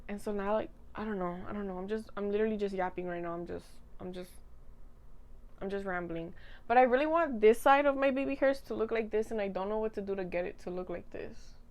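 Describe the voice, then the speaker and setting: A woman's voice: mid-range voice, quick pace, a little mellow. A young woman in her twenties chatting casually to camera, rambling, giggling and teasing herself while she eats. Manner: rambling, giggly, self-mocking. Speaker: vlogger. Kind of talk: casual chat.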